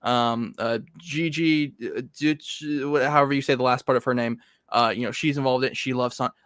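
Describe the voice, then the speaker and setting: A man's voice: medium pitch, fairly even intonation, a little fast, fairly bright tone, clean tone, no echo, clean studio sound. A man hosting a casual comic review chat, rambling with many fillers and laughing often. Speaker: podcast host.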